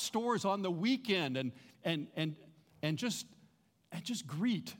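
A man's voice: sits high, unhurried, pauses often. A man preaching a sermon, telling stories with animation and leading the congregation to repeat greetings after him. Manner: animated storytelling, leads the congregation in repeating phrases. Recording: reverberant hall.

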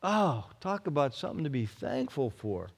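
A man's voice: medium pitch, very animated, moderate pace, creaky. A male pastor preaching a sermon in an earnest, emphatic way, often repeating his phrases. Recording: long reverb of a large hall.

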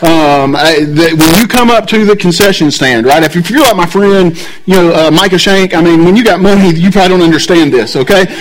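High-voiced pastor, chatty sermon. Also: male voice, fairly quick, slight background noise, rough recording. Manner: conversational, animated, asks the congregation frequent checks like "right?". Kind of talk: sermon with storytelling.

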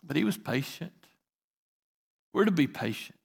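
A man preaching a sermon as pastor, moving between quiet reading and loud, fervent preaching. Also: fairly high pitch, very animated, unhurried, gravelly, husky, in a large hall. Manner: swings from soft to loud preaching.

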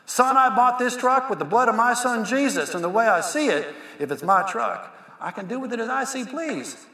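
A preacher voicing God as a folksy cowboy. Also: male voice, extremely high pitch, animated, moderate pace, sharp tone, full character voice. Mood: firm. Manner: folksy, preachy, calls listener son. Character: God as fatherly cowboy, firm and loving. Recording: echoey hall with long reverb.

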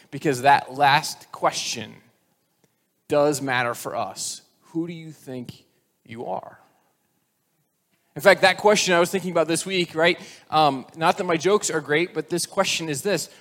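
A man's voice: a little high, fairly bright tone, in a large hall. A man in his forties preaching a sermon as pastor, conversational and self-deprecating, slipping into voiced characters when he tells a joke.

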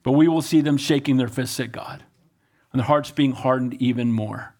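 A man's voice: medium pitch, moderate pace, darkish tone. A man preaching a sermon as pastor, often asking the congregation questions and repeating words as he goes.

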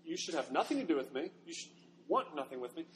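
A woman's voice: low voice, big pitch swings, fast. A man voicing a desperate young woman who is being sold as a slave, speaking in a pleading, self-condemning way. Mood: disbelieving. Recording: long hall reverb, faint noise.

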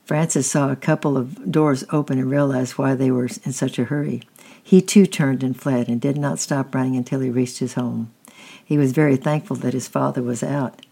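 A reader gently reading a children's chapter book aloud, with small slips and restarts. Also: mid-range voice, fairly even intonation, normal speed, creaky, breathy edge. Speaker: storybook reader.

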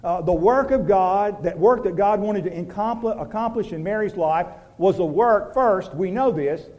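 A man preaching a sermon, moving from loud emphatic lines to soft, hushed ones, with rhetorical questions and repetition. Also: high-pitched, normal speed, muffled recording. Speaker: pastor.

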